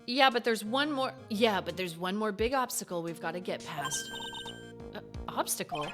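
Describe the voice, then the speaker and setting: A woman voicing an earnest young male defense lawyer, reading his game dialogue in a lowered, quick, matter-of-fact way. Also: very animated, over music, close to an everyday voice.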